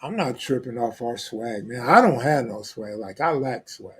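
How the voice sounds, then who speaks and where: A man's voice: medium pitch, expressive, moderate pace, breathy edge. A man hosting a live stream, reading viewer comments in blunt, profane, joking street talk. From Los Angeles, California. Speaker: host.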